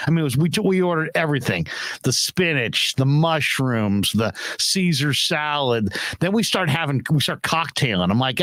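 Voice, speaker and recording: Middle aged guy hosting a sports podcast, super animated, swears a lot, dry close mic. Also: on the high side, normal speed, no echo. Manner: animated storyteller, laughs, swears freely. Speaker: sports talk host. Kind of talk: casual chat, storytelling.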